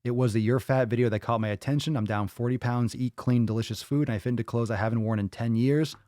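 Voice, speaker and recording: A man's voice: mid-range voice, steady tone, quick pace, dark tone, no room sound, clean studio sound. Blunt, profane man hosting a livestream. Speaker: fitness podcast host. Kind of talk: live Q&A chat.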